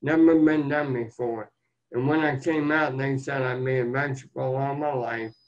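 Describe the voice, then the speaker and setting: On a dull, lo-fi recording, an older motivational speaker shares his life story as an interview guest, sounding earnest, plain-spoken and folksy. He talks at a moderate pace with medium pitch and fairly even intonation.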